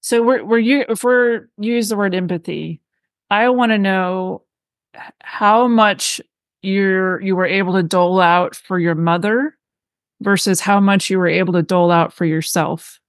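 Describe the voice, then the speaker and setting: A woman hosting an interview podcast, gently probing her guest with follow-up questions. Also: medium pitch, steady tone, measured pace, dry recording. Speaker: podcast host.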